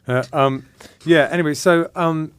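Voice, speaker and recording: A male podcast host in a studio, telling anecdotes animatedly, with quick stammered restarts. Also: a little high, steady tone, clean tone. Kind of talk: casual podcast chat. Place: radio studio.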